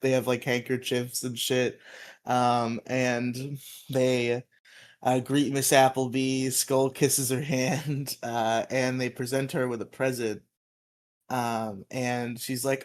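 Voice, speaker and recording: A man's voice: mid-range voice, fairly even intonation, slow pace. A man co-hosting a podcast, recapping episodes in a loose, chatty way, laughing often and humming theme tunes. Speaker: podcast co-host.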